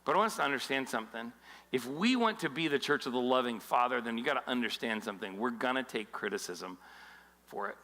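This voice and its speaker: A man preaching a casual, joking sermon as pastor, telling stories with quick voices for the people he quotes. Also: medium pitch, expressive, pushed and bright, in a large hall, rough recording. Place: church auditorium.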